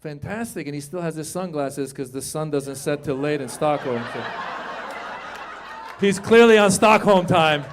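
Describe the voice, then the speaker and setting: A man in his fifties doing stand-up comedy on a club stage, working the crowd with loud, animated delivery and shouted punchlines. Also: on the high side, normal speed, background noise. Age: 50s.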